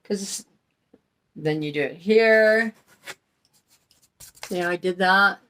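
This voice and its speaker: A woman's voice: medium pitch, extremely slow, pauses often, fairly bright tone. A middle-aged woman hosting a crafting channel, chatting in a folksy way while she paints and explains each step. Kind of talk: casual craft tutorial talk.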